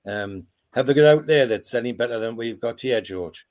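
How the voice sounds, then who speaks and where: An older man voicing a mild, soft-spoken Northumbrian footballer from the 1950s, asking quiet, gently teasing questions over a video call. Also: medium pitch, moderate pace, natural voice.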